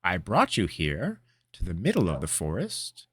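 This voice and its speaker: A gruff, irritable old mage, curt and dismissive toward his apprentice as a male storyteller does him. His lines come raised and firm, with a lively rise and fall. It is a storybook character voice. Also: sits low, moderate pace, dry recording, exaggerated voice. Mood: instructing.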